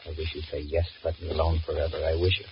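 A man's voice: rumbling low, level tone, racing. An actor playing a nervous, cowardly young married man in a 1940s radio drama, talking in anxious inner monologue and stammering. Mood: flustered. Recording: dull lo-fi old radio recording with hiss.

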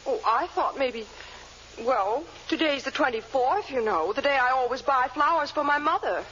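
A woman's voice: high-pitched, lively intonation, moderate pace, fairly bright tone. An actress playing a doting, melodramatic wife who pleads with her husband, in 1940s radio comedy style. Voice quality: gushing, melodramatic delivery. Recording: muffled old radio recording with hiss.

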